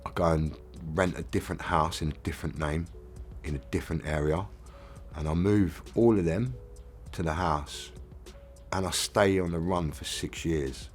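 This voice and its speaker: English guy, middle-aged, deep voice, casual candid storytelling. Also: moderate pace, soft background music. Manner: plain-spoken, casual, frank. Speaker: reformed fraudster telling his story. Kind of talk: candid first-person storytelling.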